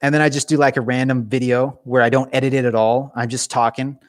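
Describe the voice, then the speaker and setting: A young man chats live with his viewers in a loose, animated way, stumbling into restarts as his thoughts run ahead. His voice sits at an ordinary middle pitch, and the sound is dry and close with no room around it. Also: fast talker, no echo. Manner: casual, animated, talks with his hands; chatty with frequent restarts. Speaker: YouTube gaming channel host. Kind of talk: live stream chat with viewers.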